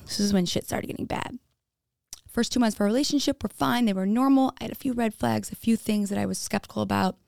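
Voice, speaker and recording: A woman's voice: mid-range voice, gravelly, darkish tone, no echo, clean studio sound. A woman telling her own story on a podcast, frank and casual, swearing freely and saying "like" often. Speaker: podcast speaker. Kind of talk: candid personal storytelling.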